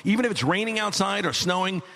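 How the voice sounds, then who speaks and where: A middle-aged man telling a stand-up story as an exasperated dad, animated and climbing to near-shouts. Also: sits high, fast, vocal fry. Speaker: stand-up comedian.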